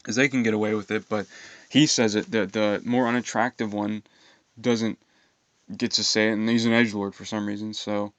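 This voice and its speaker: A young man with a smooth, lowish voice rambles through a grievance, swearing and stumbling over fillers. The sound is dry and close, with a dull, lo-fi recording. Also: flat delivery, a bit bright, dry recording. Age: young adult. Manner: aggrieved, profane, halting with fillers. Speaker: vlogger. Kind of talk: rambling personal storytime monologue.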